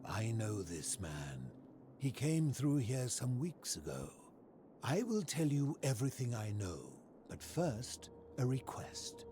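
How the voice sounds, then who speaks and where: A man voicing a lonely, aging philosopher hermit in a video game, speaking in a formal, measured and questioning way over game music. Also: mid-range voice, wildly swooping pitch, dark tone, slight background noise. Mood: courteous. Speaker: game character. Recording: game audio with soundtrack music.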